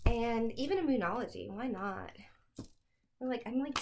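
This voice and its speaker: A young woman giving a casual tarot reading to camera at home, chatty and excitable, laughing often. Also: high voice, measured pace, slight background noise. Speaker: tarot reader.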